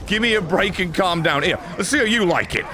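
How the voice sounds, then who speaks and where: A man giving sarcastic, excitable let's-play commentary, swearing often and talking back to characters in the game. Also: high voice, fairly quick, a crowd in the background. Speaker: gaming streamer.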